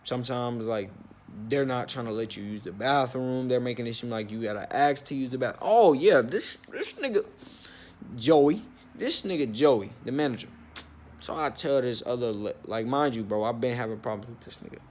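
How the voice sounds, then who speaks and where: A young man with a middle-height voice tells a story straight to the camera. His talk is loose and slangy, full of "like" and "bro" and plenty of swearing. When he gets heated, his pitch jumps up. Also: brisk, slight background noise. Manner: animated, with bursts of rising pitch when worked up. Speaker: vlogger telling a story. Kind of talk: storytime vlog, casual chat.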